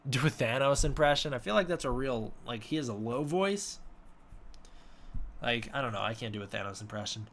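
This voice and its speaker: A man's voice: medium pitch, animated, fairly quick, a bit bright, slight background noise. A young man casually answering chat questions on a live stream from his room, mumbling and unsure of himself. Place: home room with a snake tank.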